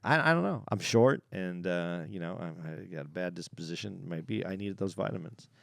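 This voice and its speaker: A comedian co-hosting a podcast who rambles loosely, trips over restarts and jokes at his own expense. His voice sits low with a gravelly texture. The recording is dry and close. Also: expressive, normal speed, fairly bright tone, dry recording. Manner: rambling, stammering restarts, self-deprecating. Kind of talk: casual comedic banter.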